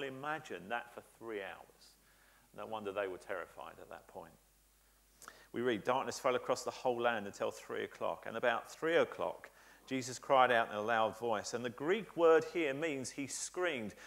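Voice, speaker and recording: A man's voice: medium pitch, a bit bright. A man preaching a sermon in a church, earnest and emphatic, building his points by repetition with frequent "uh" fillers. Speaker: pastor.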